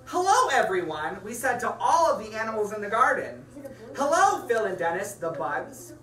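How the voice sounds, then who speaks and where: A woman reading a picture book aloud to children, playful and animated, chatting about the pages as she goes. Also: on the high side, normal speed, slight background noise. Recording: echoey room from far off.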